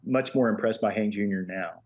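An older man with a husky, somewhat low voice spins stories as a guest in a relaxed conversation. He talks in an animated way and slips into the voices of the people in his tales. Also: normal speed. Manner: animated storyteller who acts out quoted voices. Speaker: guest, master engraver. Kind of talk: casual storytelling.

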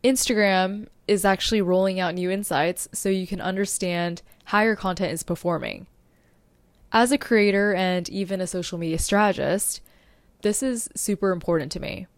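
A woman's voice: mid-range voice, fairly even intonation, normal speed, dry recording. A young adult woman hosting a solo podcast as a social media strategist, talking in an upbeat, informative way and now and then tripping over her words.

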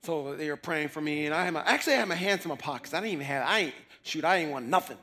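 Guy with a pretty high voice telling a testimony story, acts out what he said back then, soft music behind. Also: lively intonation, racing. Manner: acts out his own past words in quotes. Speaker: person giving a testimony. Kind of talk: casual personal storytelling.

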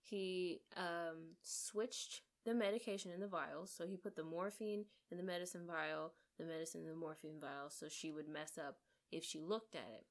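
A woman with a slightly low voice recaps a movie for a podcast, gushing as she goes. She talks casually and adds quick asides to the story. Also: steady tone. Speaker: podcast co-host.

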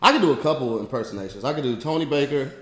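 A man's voice: medium pitch, expressive, very fast, reverberant, a crowd in the background. A man co-hosting a comedy podcast, rambling loosely and laughing through casual chat. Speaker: podcast co-host.

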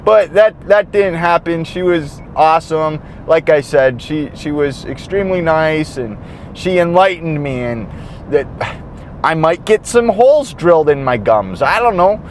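Male vlogger, high-pitched, profane and rambling, recorded in a car with light street noise. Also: animated, a little slow. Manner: rambling, profane, self-interrupting. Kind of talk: casual driving vlog chat.

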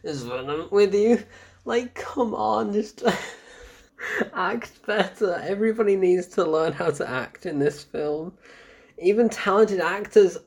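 A man's voice: high voice, slightly rough. A man giving a casual spoken film review, ranting in exasperation, swearing often and laughing in disbelief.

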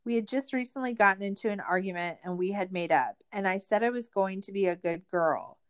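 A woman recapping a true-crime documentary in casual chat, sarcastic and swearing, full of "like" fillers, her voice jumping high when she is exasperated. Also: animated, fairly quick. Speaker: podcast host.

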